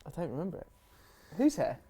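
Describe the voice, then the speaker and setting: A young man, co-hosting a casual football podcast, telling stories with quick sweary asides. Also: on the high side, breathy edge. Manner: animated storytelling, laughs, quick sweary asides. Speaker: podcast co-host.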